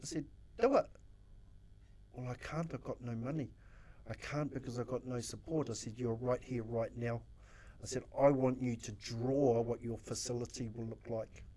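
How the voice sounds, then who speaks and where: A man's voice: mid-range voice, fairly even intonation, normal speed, warm tone. A New man, a social worker, telling stories in a casual interview, acting out his own quotes and swearing freely. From New Zealand.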